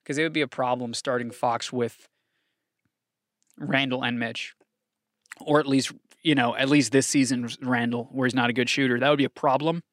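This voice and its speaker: A man hosting a casual solo sports podcast, excitable and profane, swinging from shouted hype to low muttering. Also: moderate pace, no echo, studio quality. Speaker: podcast host.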